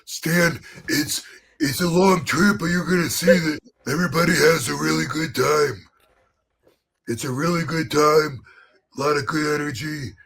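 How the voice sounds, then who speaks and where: A man putting on the voice of a wrestling executive, slowly coaxing someone in a soothing, persuasive way. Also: fairly high pitch, steady tone, gravelly, fairly bright tone. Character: smooth-talking male wrestling executive, coaxing.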